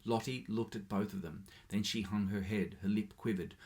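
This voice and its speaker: A man reading a short story aloud in a steady, measured way. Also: lowish voice. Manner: steady, measured, with small slips. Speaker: reader.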